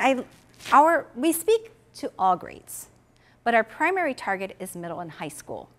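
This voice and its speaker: A woman giving a conference talk who tells a story, asks the audience questions and acts out the people she quotes. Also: a little high. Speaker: conference presenter for an animal welfare education program.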